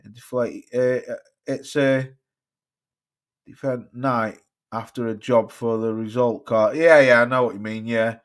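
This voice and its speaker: Medium in pitch, this man hosts a boxing livestream and reads viewer comments in casual, rambling chat laced with swearing. He is from Cheshire, England, and his accent combines Cheshire and Staffordshire English.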